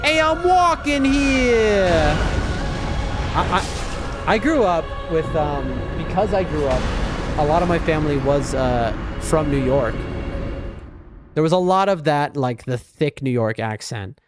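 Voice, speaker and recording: A man's voice: a little high, lively intonation, normal speed. A man from the East Coast of the United States, a gaming streamer rambling in casual chat with his viewers, whom he calls folks. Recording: game music under the voice. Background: game music.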